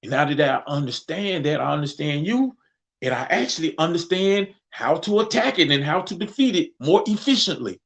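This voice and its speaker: A man's voice: on the high side, moderate pace. A man in his thirties from Mississippi with a Southern accent, talking casually on a podcast and answering chat, thinking aloud with plenty of restarts. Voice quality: relaxed, conversational vernacular with frequent restarts. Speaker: podcast co-host. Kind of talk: casual discussion, responding to chat.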